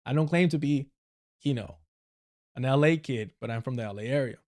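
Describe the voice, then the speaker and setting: A man's voice: mid-range voice, fairly quick, a little mellow. A man from Southern California with a Southern Californian accent, giving blunt, heavily profane casual commentary as a livestream host. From Southern California, United States. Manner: blunt and profane, with frequent swearing and laughing asides.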